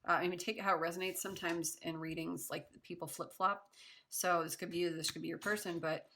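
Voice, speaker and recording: A woman's voice: fairly low pitch, fairly even intonation, fast talker, background noise. A woman giving a casual tarot reading to her viewers, chatty and laughing easily, with a sarcastic sense of humor and lots of loose fillers. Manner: loose speech with many fillers. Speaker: tarot card reader.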